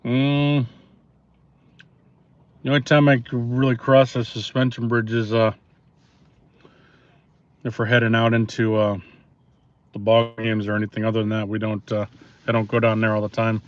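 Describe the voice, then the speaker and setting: A man chatting casually with viewers on a live stream, relaxed and rambling, with many pauses and fillers, recorded on a phone outdoors. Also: medium pitch, no echo. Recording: dull lo-fi phone audio, faint noise.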